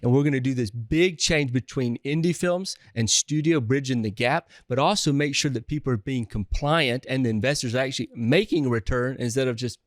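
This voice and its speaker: A man's voice: medium pitch, fairly quick, hardly any pauses, dry recording, studio quality. Southern man telling rambling stories. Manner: energetic, rambling with restarts and filler. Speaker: guest, real estate investor. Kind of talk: casual interview storytelling.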